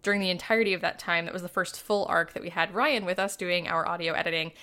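A woman's voice: on the low side, steady tone, fast talker, bright, forceful tone. A woman hosting a podcast, joking playfully in casual chat over a video call. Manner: playful, jokey. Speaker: podcast host.

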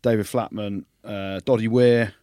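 A man's voice: on the low side, steady tone, a little slow, mellow, clear, resonant tone, no room sound, studio quality. A man co-hosting a podcast, trading wry, teasing comebacks in casual banter. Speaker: podcast co-host.

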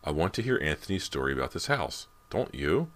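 A man reading an audiobook voices an eager, sharp-tongued teenage girl, raising his voice for her insistent lines. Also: extremely low pitch, sing-song, fairly quick, heavily acted.

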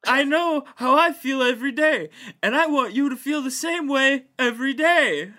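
Impression: a man playing a booming, raspy city mayor, high and forceful. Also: animated, normal speed, full character voice. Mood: preachy.

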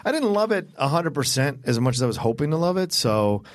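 A man's voice: a little high, very animated, a little fast, dry recording. A man co-hosting a podcast, chatting casually about movies, rambling and swearing freely. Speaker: podcast co-host.

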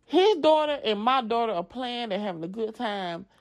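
A woman, telling a story to her viewers in a blunt, profane, animated way. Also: on the high side, normal speed. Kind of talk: casual storytime vlog.

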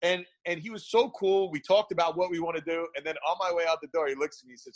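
A man with a somewhat high voice tells stories in a relaxed chat. He is lively and laughs a lot, and he acts out what other people said. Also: quick pace, few pauses. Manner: animated storyteller, laughs often, acts out quotes. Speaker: guest, barber event founder. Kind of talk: casual storytelling chat.

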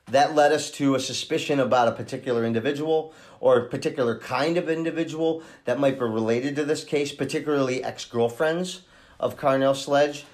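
A man with an ordinary, middle-range voice hosts a true-crime podcast. He talks in an unhurried, conversational way. He often stops and restarts his sentences as he works through his thoughts. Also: mid-range voice. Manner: halting, thinks aloud with many restarts. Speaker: podcast host and case investigator.

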